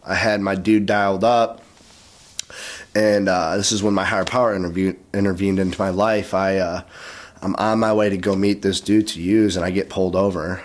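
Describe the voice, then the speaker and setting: A man, a podcast guest, telling his story casually and acting out what others said in lively bursts. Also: sits low, normal speed. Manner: animated, acts out quoted voices.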